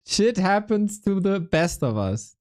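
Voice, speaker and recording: A woman hosting a game stream talks slowly, with a lively rise and fall in her voice. She is laid-back and self-mocking, and laughs easily between remarks. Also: medium pitch. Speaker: esports caster. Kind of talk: casual stream chat.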